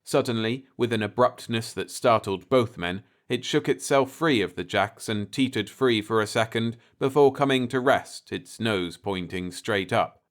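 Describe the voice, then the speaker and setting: A man narrating a bedtime story in a calm, unhurried way. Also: fairly low pitch.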